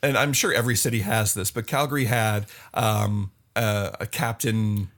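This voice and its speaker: A man's voice: on the low side, normal speed. A man chatting as a podcast guest, telling stories with energy and slipping into comic voices. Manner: animated storyteller, slips into comic voices. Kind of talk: casual chat.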